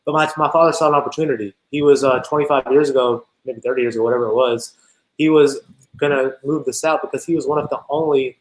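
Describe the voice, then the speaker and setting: A man's voice: mid-range voice, fast talker. Man telling stories in an echoey room. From US South. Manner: relaxed, rambling storytelling. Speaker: business founder interviewed as guest. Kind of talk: casual interview conversation.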